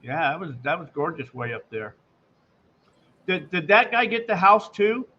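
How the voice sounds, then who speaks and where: A man's voice: sits high, very animated, normal speed. A man hosting a radio show, chatting easily about his dog. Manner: easygoing, chatty. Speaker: host. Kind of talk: casual chat. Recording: dull lo-fi line with faint hiss.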